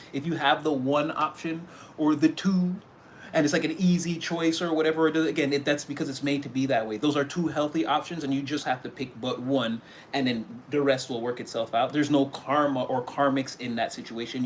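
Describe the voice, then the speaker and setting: A man's voice: medium pitch, a little hiss or hum. A man giving a casual tarot reading, talking animatedly and acting out little scenes, often breaking into laughter. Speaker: tarot reader.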